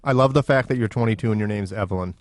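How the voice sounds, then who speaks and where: A man's voice: on the low side, racing, dry recording. A man co-hosting a call-in radio show, chiming in with jokes and wisecracks. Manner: joking, wisecracking. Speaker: radio co-host.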